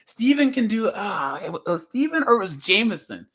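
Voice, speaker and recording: Guy hosting a reaction stream, bright lively voice, laughs a lot, kinda high. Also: fairly quick. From New Jersey. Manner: animated, laughs often, chatty. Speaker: livestream host. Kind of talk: casual reaction livestream chat.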